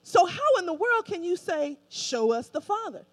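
Calm, casual male teacher, put on by a high-voiced woman preacher in a sermon. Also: normal speed, no room sound.

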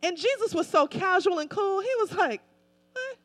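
Woman pastor, high voice, emphatic colloquial sermon, repetitive build-ups. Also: normal speed, fairly bright tone.

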